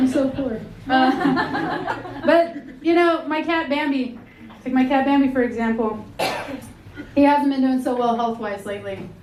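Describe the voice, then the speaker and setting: A woman in her thirties performing a stand-up comedy set with a dry, deadpan delivery on a club stage, speaking into a handheld mic. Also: high voice, noisy background. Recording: echoey club with loud audience laughter.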